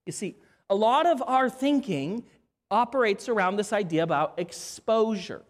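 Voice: mid-range voice, expressive. Earnest preacher repeating key lines. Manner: earnest, repeats key phrases and slows down for emphasis; addresses the audience as friends. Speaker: pastor. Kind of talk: sermon.

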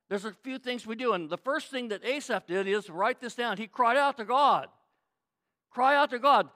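A pastor preaching a sermon, emphatic, repeating key phrases and swinging between quiet reflection and loud pleading. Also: male voice, high voice.

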